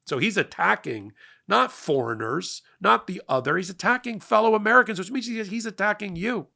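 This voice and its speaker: Middle-aged male host, gravelly and bright-toned, emphatic and energetic political commentary. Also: high voice, moderate pace. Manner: emphatic, energetic, rising to loud peaks. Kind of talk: passionate political monologue.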